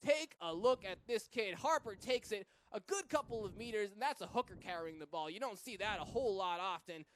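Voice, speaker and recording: A male play-by-play commentator calling a rugby match live, his fairly high voice leaping up whenever a runner breaks through. He is from Massachusetts, and a faint hiss of noise sits under the commentary. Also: a little fast. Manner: excitable, rises sharply with big plays.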